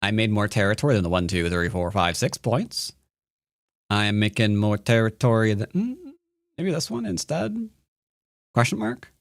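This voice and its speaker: A jokey man walks viewers through his moves in live-streamed game commentary. His voice swoops high and low as he clowns around. The sound is dry, with no room around it. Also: lively intonation, normal speed, creaky, no room sound. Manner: playful, jokey, breaks into silly sing-song nonsense. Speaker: Go teacher.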